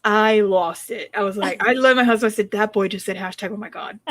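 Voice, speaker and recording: Speaking fairly quickly at a medium pitch, this young adult streamer has a casual chat with her co-host. She laughs through her stories and playfully teaches some foreign phrases.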